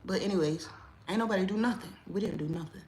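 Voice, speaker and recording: A woman's voice: fast talker, a little hiss or hum. A woman hosting a casual livestream, telling a story. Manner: animated, rising loud and high when riled. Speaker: livestream host.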